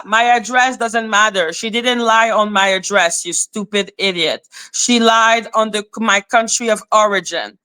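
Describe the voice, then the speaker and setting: A woman's voice: medium pitch, measured pace, hardly any pauses, pushed and bright. Blunt woman ranting on a livestream. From Canada. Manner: blunt, profane ranting, greeting chat viewers. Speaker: live-stream host. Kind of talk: live-stream commentary.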